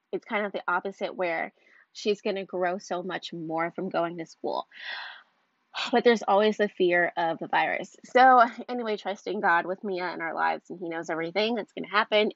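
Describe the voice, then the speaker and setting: A woman's voice: fairly low pitch, no room sound, dull audio. A young woman talking casually to camera as a mom vlogger, rambling with lots of fillers and a stuffy nose.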